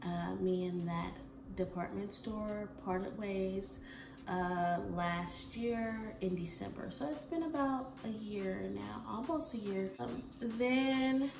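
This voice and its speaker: A woman in her twenties, a vlogger from the United States, talking in a rambling, expressive casual chat that swings between soft and loud. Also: medium pitch, slow, vocal fry, recorded from a distance, noisy background. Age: 20s. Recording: roomy echo, from the mic, faint music.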